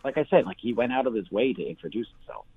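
A bar owner talking casually on the phone, full of fillers and restarts. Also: male voice, fairly low pitch, animated, rapid-fire, husky. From Canada. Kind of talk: phone interview. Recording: tinny phone line.

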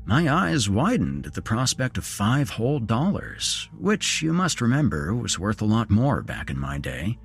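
A man narrating a horror story in a measured, grim way. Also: fairly low pitch, huge pitch swings, husky, soft background music.

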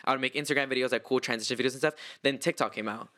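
A young man talking as a podcast guest in an easygoing, chatty way, full of quick fillers. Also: mid-range voice, steady tone, sharp tone. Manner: chatty, upbeat, fast-talking with lots of fillers. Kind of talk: casual podcast chat.

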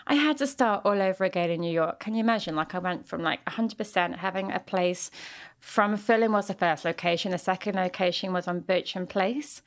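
A London woman talks as a podcast guest, spinning lively anecdotes. Her voice has a gravelly, fry-edged texture at a mid pitch, and she acts out the voices of the people in her stories. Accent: London English. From London, England. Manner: lively storyteller who acts out quoted dialogue. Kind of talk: casual interview storytelling.

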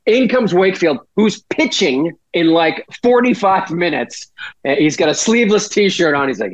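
A man's voice: high voice, animated, normal speed, no room sound. Rambling, cursing man telling a story. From Massachusetts. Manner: rambling, swears freely. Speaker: guest. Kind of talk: casual storytelling. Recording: dull dry lo-fi audio.

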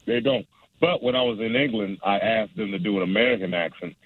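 A young stand-up comedian with a fairly low, husky voice speaks briskly during a casual phone interview. He rambles and laughs, often starting his thoughts over, and the dry phone line has no echo.

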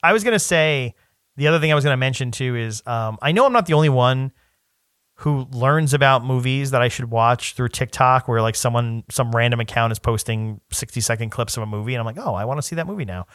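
A man's voice: mid-range voice, fairly quick, clear, resonant tone, no echo. Rambling male podcast co-host, dry sound. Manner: rambling, self-interrupting, animated quoting. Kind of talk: casual chat.

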